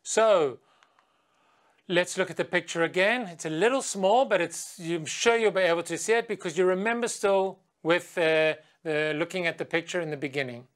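Here a female teacher gives children a slow, carefully spoken English lesson by video. She asks quiz questions patiently, then leads a chant that she sings higher and more lively.

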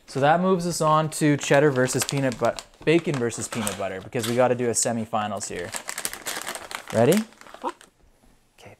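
An upbeat dog owner talking through a puppy's treat test in a casual vlog. The voice is mid-pitched and everyday. Brisk commands to the dog alternate with chatty, running commentary. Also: slight background noise. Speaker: dog owner and video host.

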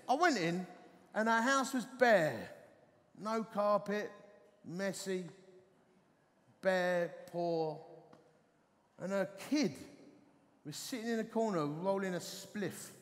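A man, preaching a sermon as an animated, self-deprecating storyteller on a festival stage. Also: sits high, big-room sound. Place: festival stage in a large hall.

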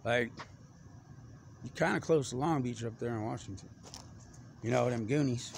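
A man's voice: medium pitch, normal speed, gravelly, a little hiss or hum. A man talking in a loose, rambling monologue, jumping from one topic to the next. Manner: stream-of-consciousness, jumping between topics.

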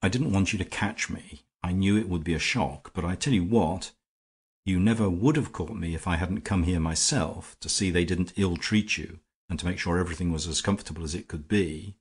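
A man's voice: deep voice, fairly quick, breathy edge, heavily acted. A man voicing a sulky, scheming English brother who blusters and complains, in an audiobook reading. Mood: troubled.

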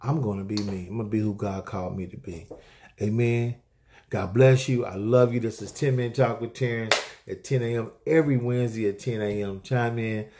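A man's voice: fairly low pitch, steady tone, a little fast, background noise. Preaching man calling out amens. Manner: repetitive, exhorting, with call-and-response amens. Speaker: host of a weekly inspirational talk show. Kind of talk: motivational preaching to viewers.

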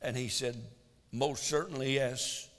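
A man preaching a sermon in a church, swinging between loud exhortation and quiet asides. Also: mid-range voice, steady tone, unhurried, big-room sound. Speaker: pastor. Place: church sanctuary.

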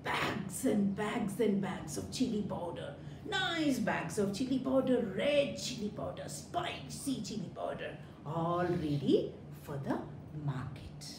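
A woman telling a story to children, animated and sing-song, asking them questions along the way. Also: mid-range voice, slow pace, noisy background. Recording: roomy echo.

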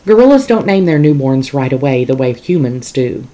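Mellow teacher reading aloud. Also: mid-range voice, big pitch swings, moderate pace. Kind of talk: reading a novel aloud to a class.

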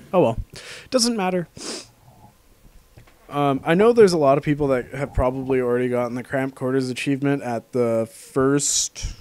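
A man's voice: mid-range voice, a little mellow. A young man giving casual, rambling let's-play commentary into a desk microphone, full of joking asides. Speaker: gameplay commentator.

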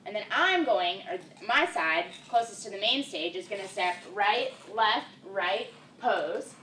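A woman's voice: medium pitch, animated, measured pace, sharp tone. A young woman teaching line dance steps, upbeat and counting each move out aloud. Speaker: dance instructor. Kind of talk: step-by-step dance instruction. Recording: roomy and distant with faint background noise.

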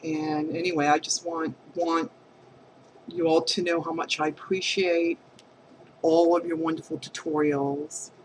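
Slow, hesitant, earnest woman vlogger. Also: sits low, a little hiss or hum, rough recording. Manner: emotional, affectionate. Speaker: crafting vlogger. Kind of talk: heartfelt talk to camera.

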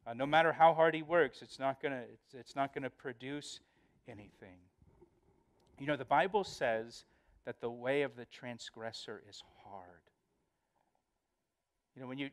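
A male pastor giving a verse-by-verse Bible study, earnest and emphatic, often repeating words as he explains. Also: mid-range voice.

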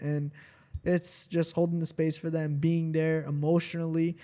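In this casual podcast conversation, a young adult co-host, the host's son, speaks at normal speed with a dark tone and a slightly high pitch that barely moves. He's earnest and quick to agree, saying "like" constantly.

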